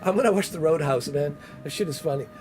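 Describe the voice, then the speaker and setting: A man's voice: fairly high pitch, quick pace, a little mellow, faint music behind. A man casually commenting on a game during a livestream, loose and joking as he banters with his chat. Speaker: gaming livestreamer.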